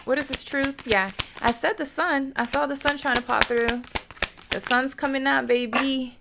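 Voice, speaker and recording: A tarot reader gives her viewers a casual reading, chatty and quick to laugh, sometimes getting emotional and calling them y'all. Her voice sits high with a steady tone and moderate pace, creaky, and the recording is very noisy.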